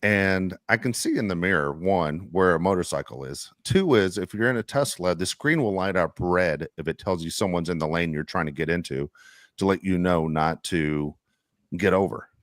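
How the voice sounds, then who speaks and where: Brief: low-pitched male podcast co-host, heated profane rant, dry sound. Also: moderate pace, dry recording. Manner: heated, profane, repeats "dude".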